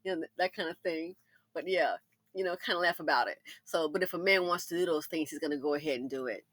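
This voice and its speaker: Black woman, middle-aged, chatty storytelling, lower voice but bright, talks to the ladies. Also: quick pace, no room sound. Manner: laughs and breaks into loud exclamations. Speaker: commentary channel host. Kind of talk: casual commentary monologue.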